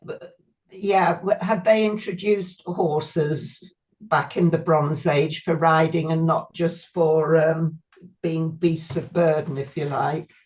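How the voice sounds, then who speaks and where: A woman's voice: sits low, fairly even intonation, takes it slowly, a little mellow. A woman taking part in an online class, asking a thoughtful question over a video call.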